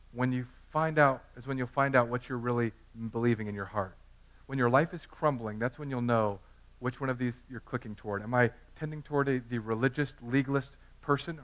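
A man's voice: medium pitch, fairly bright tone. A man in his thirties preaching a sermon in a conversational, self-deprecating way, telling personal stories. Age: 30s. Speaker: pastor.

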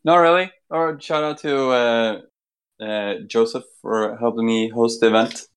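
A smooth, clear-voiced man in casual podcast chat who mostly chimes in with short reactions and quick questions. His pitch sits in the middle for a man. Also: steady tone.

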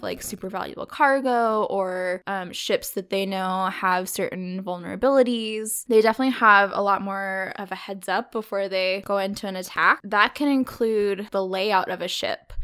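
A woman's voice: mid-range voice, a bit bright, clear, resonant tone. A woman co-hosting a podcast, explaining a topic in casual chat with frequent "like" and "um" fillers. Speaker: podcast co-host.

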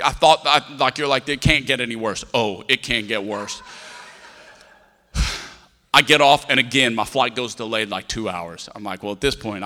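A man's voice: on the low side, bright, forceful tone, long reverb tail. A man, a pastor preaching a sermon and telling a family story, acting out the dialogue with voices.

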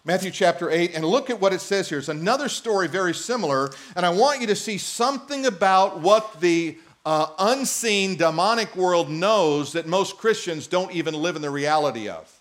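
High-voiced male pastor preaching. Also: normal speed, hardly any pauses. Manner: animated, reads scripture aloud and jokes with the congregation. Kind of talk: sermon.

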